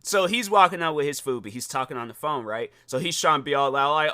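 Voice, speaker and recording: Animated man telling a story. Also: a little high, quick pace, dry recording, studio quality. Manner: animated, acts out quoted dialogue, many "like" fillers. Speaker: podcast host. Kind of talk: casual storytelling monologue.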